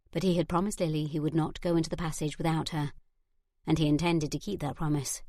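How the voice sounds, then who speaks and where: A woman reads a historical romance audiobook with an even, steady pace of storytelling. Her voice sits low in her range. The sound is close and dry, from a studio booth. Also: no echo. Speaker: audiobook narrator. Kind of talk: scripted narration.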